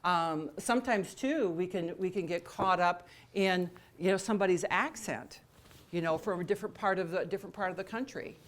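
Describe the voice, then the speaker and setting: A woman's voice: fairly low pitch, moderate pace. A woman leading an interactive training session, talking conversationally with many fillers and restarts, and joking with the attendees. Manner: laughs and jokes with attendees. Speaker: workshop trainer.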